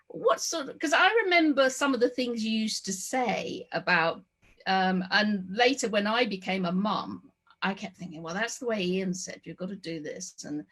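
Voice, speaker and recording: A woman's voice: medium pitch, fairly bright tone. A woman interviewing a guest in casual chat, stumbling over false starts.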